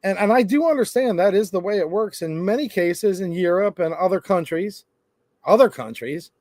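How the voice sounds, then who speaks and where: Middle-aged male commentator, animated and sarcastic, dry close mic. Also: high-pitched, moderate pace, no room sound. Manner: animated, sarcastic asides, acts out quoted people. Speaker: gun-rights channel host. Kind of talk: opinionated commentary.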